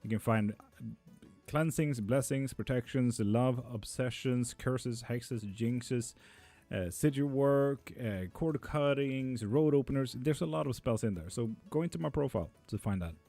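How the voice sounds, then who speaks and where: A man's voice: mid-range voice, a little slow, warm tone, soft background music. A man reading tarot on a live stream, casually reading out chat messages and answering them offhand.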